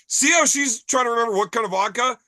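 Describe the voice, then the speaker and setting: A man's voice: extremely high pitch, fast, bright, forceful tone, no room sound. A man hosting a casual bar chat podcast, telling profane, rambling stories. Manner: profane, storytelling. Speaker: podcast host.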